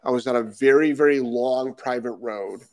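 A man from Rhode Island hosting a live stream about dog training, answering viewer comments as they come in. He talks emphatically, repeats his key points and leans on rhetorical questions. His voice sits at an ordinary pitch for a man, and the sound is dry and close. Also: moderate pace, dry recording.

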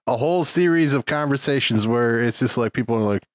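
A man's voice: medium pitch, a little fast, no room sound, clean studio sound. A man co-hosting a casual film podcast, joking in a laid-back way. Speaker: podcast co-host.

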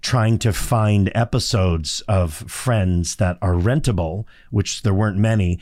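A middle-aged man with a raspy, textured voice, chatting as a voice actor guest on an interview show and telling stories with sarcastic asides. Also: on the low side, a little slow. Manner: animated storyteller, sarcastic asides. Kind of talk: casual interview chat.

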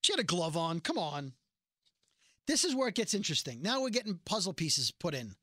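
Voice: mid-range voice, brisk, dry recording, studio quality. A podcast host recapping a TV episode in casual chat, acting out the characters' lines as they go. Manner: animated retelling, acts out quoted lines.

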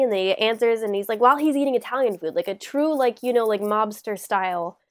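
A young woman co-hosting a podcast, telling a story in a casual, animated way, full of "like" and acted-out quotes. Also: a little high, fast. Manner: animated storyteller, lots of "like", acts out overheard lines. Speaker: podcast co-host. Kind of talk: casual chat.

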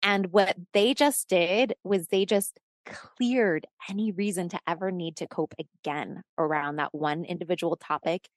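Her voice sits fairly low and moves at a measured pace with few pauses as she, a podcast guest, shares a personal story conversationally. She performs the dialogue vividly, cursing and laughing, in a dry, clean studio recording.

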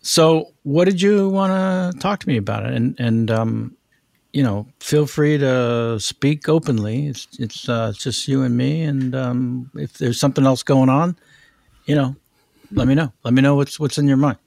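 Guy doing a gravelly halting buddy, lots of ums, dry sound. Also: mid-range voice, no room sound. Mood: earnest. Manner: halting, many ums, gentle encouragement. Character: hesitant male friend at lunch, earnest.

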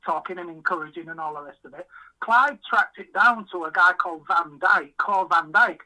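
A man's voice: sits high, moderate pace, pushed and bright, poor audio. A man from England, a podcast guest and fishery owner, telling rambling self-deprecating stories in a casual chat. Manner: chatty, self-deprecating, rambling anecdotes with quoted dialogue. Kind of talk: casual storytelling.

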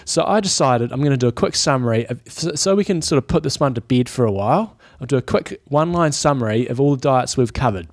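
A man, co-hosting a podcast, explaining stats and diets in a measured, casual way. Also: medium pitch, animated, dry recording, clean studio sound. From New Zealand. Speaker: podcast co-host. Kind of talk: casual chat.

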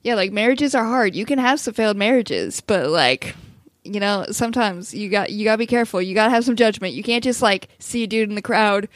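A woman's voice: mid-range voice, fairly quick, no echo. A young woman co-hosting a casual movie chat, blunt and profane, often laughing as she talks. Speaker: podcast co-host.

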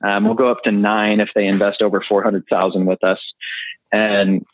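Low-voiced man on a tinny phone line. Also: flat delivery, moderate pace, dry recording. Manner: explanatory, talks through numbers with fillers. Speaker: real estate investor guest. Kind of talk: casual interview answers.

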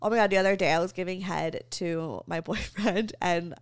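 A woman's voice: on the low side, normal speed, clear, resonant tone. A young woman co-hosting a casual chat, telling frank stories animatedly and laughing as she goes. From Philippines heritage. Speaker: podcast co-host.

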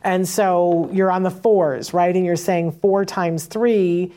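A woman walks parents through teaching techniques in a relaxed, conversational way. She keeps checking in with "right?" and briefly acts out both sides of short exchanges in a livelier voice before going back to her explanation. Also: lowish voice, slow. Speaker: parent educator on autism teaching. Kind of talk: casual instructional talk.

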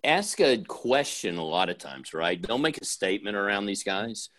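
A man's voice: lowish voice, sing-song, moderate pace, crowd noise. A man on a podcast giving practical advice with blunt everyday examples. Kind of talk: casual advice talk.

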